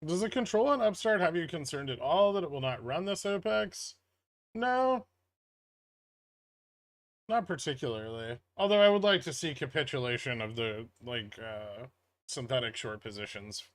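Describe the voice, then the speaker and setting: A man hosting a casual stock-market livestream, reading viewer chat aloud and answering in a relaxed, rambling way. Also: on the high side, moderate pace, no echo.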